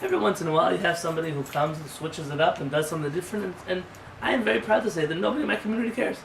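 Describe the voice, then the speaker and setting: A male rabbi with a high, bright voice leads an informal Torah class in a conversational, emphatic manner, pressing his points with rhetorical questions. He is picked up from a distance, so the voice sits in a roomy, echoing space with faint noise behind it. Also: racing, vocal fry.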